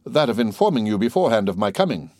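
A man's voice: fairly low pitch, big pitch swings, fast, darkish tone, no echo, studio quality. A man reading the part of a timid, fawning old Italian ex-major in an audiobook, with a hesitant, eager manner. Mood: eager, anxious.

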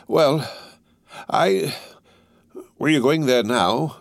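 A man's voice: medium pitch, expressive, very slow, gravelly, dry recording, studio quality, pitched above the performer's own voice, heavily acted. A man voicing a mild, fussy older bank clerk who speaks politely, hesitating and stammering.

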